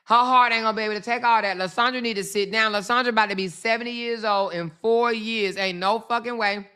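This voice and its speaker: A woman's voice: a little high, steady tone, fast, bright, forceful tone, clean tone. A woman hosting her channel, giving blunt, profane casual commentary to her viewers, repeating herself and turning aside to talk to them. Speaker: channel host.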